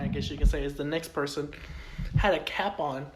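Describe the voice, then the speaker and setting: Animated swearing man telling stories. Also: on the high side, normal speed, over loud music. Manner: animated storyteller, swears often, laughs a lot. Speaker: podcast co-host. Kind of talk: casual chat.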